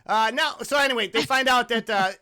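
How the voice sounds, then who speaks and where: A man's voice: very high-pitched, a little fast, pushed and bright, clear, resonant tone. A man hosting a casual comedy movie podcast, reading his notes and cracking crude jokes. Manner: joking, crude, reads from notes. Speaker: podcast host.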